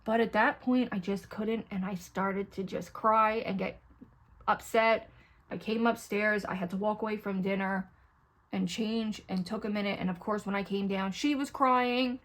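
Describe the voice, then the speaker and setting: A woman's voice: mid-range voice, steady tone, normal speed, fairly bright tone. A middle-aged woman talks straight into the camera at home as she does her makeup, chatty and candid. She rambles from one story to the next and keeps turning to her viewers. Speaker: beauty vlogger. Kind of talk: casual get-ready-with-me chat.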